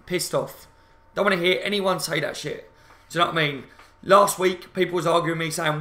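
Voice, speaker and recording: A man's voice: fairly high pitch, fairly even intonation, normal speed, sharp tone. A man hosting a live fan reaction stream, ranting angrily and swearing, talking to his viewers and reading out their comments. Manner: angry, sweary, repetitive ranting; addresses viewers as guys, reads out chat comments. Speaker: football fan channel host. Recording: roomy echoey room.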